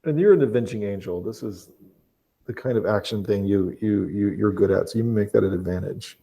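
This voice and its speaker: A man narrating a tabletop role-playing game as game master, talking haltingly with fillers and restarts. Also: on the low side, creaky, dark tone, slightly rough, lo-fi sound.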